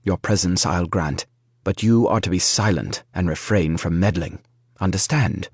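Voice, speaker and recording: Male narrator as an icy, imperious war wizard; low, dry, clipped. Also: moderate pace, husky, no room sound. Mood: stern. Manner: icy, curt. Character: stern haughty male war wizard lord.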